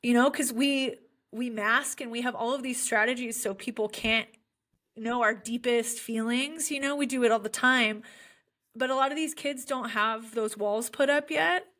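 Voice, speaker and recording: A woman's voice: on the high side, normal speed, fairly bright tone. A young adult woman, a special education teacher, telling heartfelt stories in an earnest podcast conversation. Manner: earnest, heartfelt storytelling with frequent fillers.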